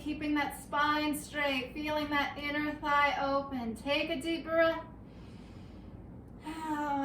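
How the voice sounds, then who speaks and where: A woman leading a low-impact workout, giving gentle, encouraging cues and getting winded from the exercise. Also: reverberant, recorded from a distance, a little hiss or hum, low-quality recording. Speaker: fitness instructor. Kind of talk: guided workout instruction.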